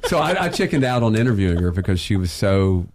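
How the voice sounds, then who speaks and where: A middle-aged radio host, telling a self-deprecating story in a rambling, laughing way. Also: male voice, on the low side, very animated, fast talker, background noise. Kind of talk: storytelling on public radio pledge drive.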